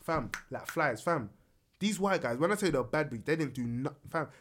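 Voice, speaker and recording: A man's voice: a little high, animated, normal speed, fairly bright tone. Emphatic young man, slang-heavy. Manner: emphatic, peppers speech with "fam". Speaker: school worker. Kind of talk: casual chat.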